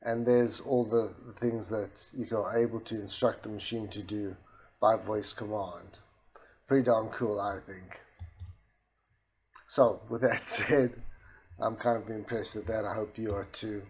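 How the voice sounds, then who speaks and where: Man, lowish voice, soft and unprojected, explains a software demo step by step. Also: unhurried. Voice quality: soft, voice not carrying far. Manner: steady explanatory, with restarts and voice commands. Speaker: software demonstrator. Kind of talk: screen-recorded product demo.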